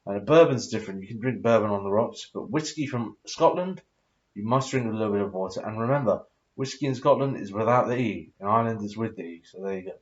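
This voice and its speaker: A man's voice: on the low side, fast, lo-fi sound. A tipsy man in his thirties telling a rambling, sweary story full of fillers and hesitations. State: tipsy after drinking. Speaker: vlogger.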